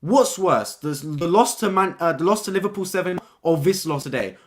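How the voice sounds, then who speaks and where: At a normal speed and fairly high pitch, a young man hosts an excited, casual live-stream football review. He repeats what he's said and ends lines with "man."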